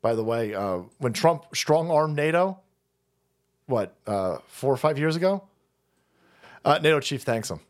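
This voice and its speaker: A man's voice: mid-range voice, expressive, unhurried, pauses often. Profane, sarcastic man ranting. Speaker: streamer host. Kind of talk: ranting political commentary.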